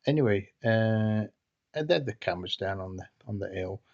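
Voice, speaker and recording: A man recounts a tale in a casual, meandering way. He hesitates often and restarts his sentences, and his voice sits fairly low. The recording sounds dull and lo-fi. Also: lively intonation, moderate pace, creaky, a little mellow. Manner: hesitant and rambling, frequent restarts. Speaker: storyteller. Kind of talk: casual anecdotal storytelling.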